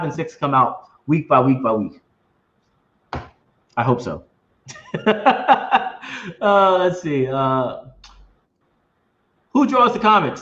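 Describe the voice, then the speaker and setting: A man hosting a casual video-call interview, outspoken and animated, laughing often. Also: fairly high pitch, roomy sound, lo-fi sound. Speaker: interview host, comic company head.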